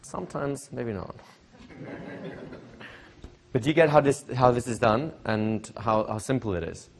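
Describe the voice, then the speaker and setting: With a medium-pitched, unhurried voice carrying some vocal fry, a middle-aged hypnosis trainer addresses a live seminar amid slight background noise. He chats, repeats himself, and keeps checking in with the audience through questions.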